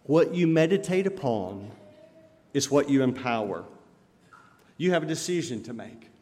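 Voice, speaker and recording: Guy preaching a sermon, kinda high voice, big church echo. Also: darkish tone. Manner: earnest preaching, rising emphatic on scripture. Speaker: pastor. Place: church sanctuary. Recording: long reverb of a church hall.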